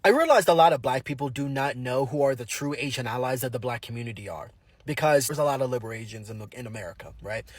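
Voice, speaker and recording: Fast-talking blunt man, husky voice. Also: mid-range voice, no room sound. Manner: blunt, profane, animated. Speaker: commentator. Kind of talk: casual video commentary.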